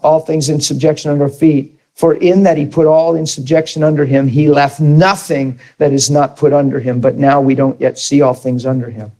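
A man's voice: on the high side, level tone, normal speed, few pauses, warm tone, rough recording. A man preaching a sermon, telling a story and asking the audience questions.

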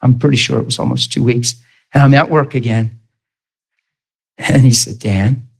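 A man preaching, retelling a story in an animated, emphatic way with lots of repetition. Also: medium pitch, moderate pace, gravelly, husky, poor audio. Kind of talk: storytelling sermon.

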